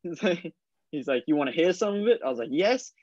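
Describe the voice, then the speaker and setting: A man's voice: fairly high pitch, lively intonation, fast, a little mellow, dry recording. A young man with a New Zealand accent, telling a story casually and laughing often as he talks. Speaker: guest snowboarder. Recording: dull dry lo-fi sound.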